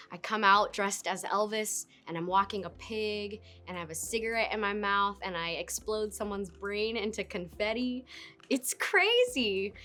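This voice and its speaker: A woman in her thirties, an actress, talking casually and playfully in an interview, with giggles and quick asides. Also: mid-range voice, bright, forceful tone. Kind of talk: casual interview talk to camera. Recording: faint music behind.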